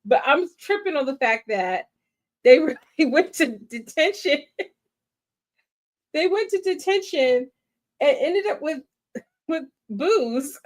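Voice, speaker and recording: Slow-talking chatty woman host. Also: sits high, animated. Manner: chatty and effusive, laughs often. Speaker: host of a movie watch-party live stream. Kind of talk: casual live-stream commentary.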